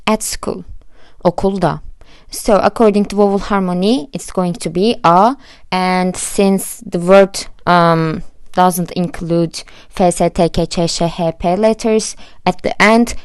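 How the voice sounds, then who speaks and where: Woman teacher, low voice, unhurried, dry close sound. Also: darkish tone, smooth, no room sound. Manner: patient, spells out letters one by one. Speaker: language teacher. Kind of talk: slow explanatory lesson.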